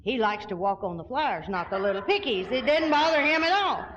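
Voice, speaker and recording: A middle-aged woman from Arkansas, telling a funny personal story to an audience at a recovery convention in an animated, folksy way, laughing often. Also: a little high, a little fast, a little hiss or hum, poor audio. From Arkansas, USA.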